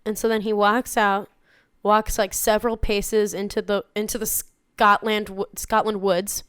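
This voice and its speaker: A woman co-hosting a podcast, recapping a reality show in casual chat, animated and acting out quotes, swearing freely. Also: medium pitch, measured pace, clear, resonant tone, no echo, studio quality. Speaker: podcast co-host.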